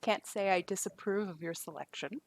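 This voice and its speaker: A woman's voice: mid-range voice, moderate pace, vocal fry, no echo. A woman playing a diplomatic young noblewoman.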